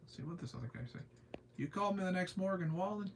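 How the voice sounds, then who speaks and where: A man's voice: high voice, expressive, fast, creaky. A young man with a Southern US accent, chatting casually on a live stream, laid-back and drawling as he answers chat comments with frequent laughter. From southern United States. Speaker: livestreamer.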